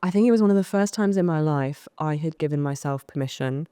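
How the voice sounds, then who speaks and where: A woman's voice: deep voice, fast, smooth, dry recording, clean studio sound. A woman from the UK, a podcast guest and coach, telling candid, self-deprecating stories about her past. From United Kingdom. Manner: self-deprecating, animated acting-out of past moments. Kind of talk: candid storytelling in conversation.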